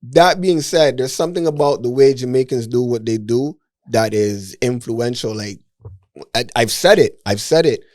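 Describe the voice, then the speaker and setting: A man's voice: mid-range voice, normal speed, darkish tone, no echo, clean studio sound. A young man of Barbadian heritage, a guest on a podcast, chatting and teasing playfully. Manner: playful, teasing, sings lines. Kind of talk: casual chat.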